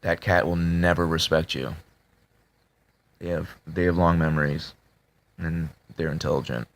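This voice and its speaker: A man talking casually to his subscribers, halting with many fillers and restarts, in a flat tone that can sound annoyed. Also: extremely low pitch. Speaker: video creator talking to subscribers. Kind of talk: casual confessional talk to camera.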